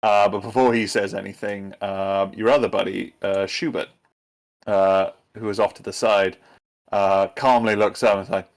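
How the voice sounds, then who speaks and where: A man running a tabletop role-playing game as game master, narrating in a halting way with frequent ums and restarts. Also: lowish voice, steady tone. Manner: hesitant, many ums and restarts.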